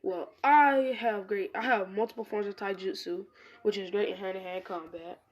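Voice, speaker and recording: A woman voicing a cool, confident young male ninja who speaks quietly and menacingly in a fan-made anime story. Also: medium pitch, fairly even intonation, normal speed, natural voice. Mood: explaining.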